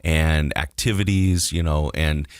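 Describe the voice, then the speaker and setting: A man's voice: a bass voice, fairly even intonation, unhurried, clear, resonant tone, no echo, clean studio sound. A man co-hosting a podcast, talking in a reflective, supportive way. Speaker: podcast co-host. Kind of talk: casual podcast chat.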